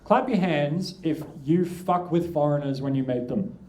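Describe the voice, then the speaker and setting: A man's voice: a little high, normal speed, heavy background noise. An Australian man doing a stand-up comedy set, crude and rambling as he tells self-mocking stories on a club stage. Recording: echoey club with crowd laughter. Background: audience laughing.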